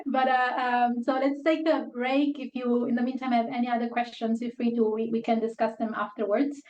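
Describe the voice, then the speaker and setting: A woman's voice: fairly high pitch, level tone, fairly quick, few pauses. A woman hosting an online workshop, talking casually and rambling through filler words over a video call. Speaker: workshop host. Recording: roomy, dull lo-fi call audio.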